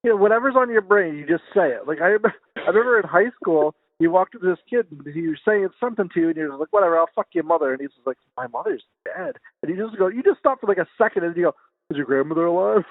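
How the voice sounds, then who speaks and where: Husky lively man teasing friends. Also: sits high, rapid-fire, no echo. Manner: amused reminiscing, teasing. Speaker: podcast co-host. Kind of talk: casual chat. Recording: dry tinny phone-like sound.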